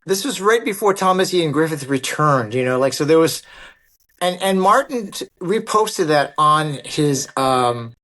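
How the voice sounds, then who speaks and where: A man telling a long anecdote as an interview guest, acting out quoted lines with lively energy. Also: fairly high pitch, a little slow. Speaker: guest, martial artist and actor. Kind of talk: storytelling in an interview.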